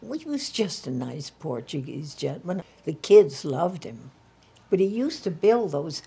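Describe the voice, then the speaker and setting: Slow, gravelly older woman reminiscing. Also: sits low, sing-song, warm tone. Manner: slow, halting recollection. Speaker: interviewee. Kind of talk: reminiscing in an interview.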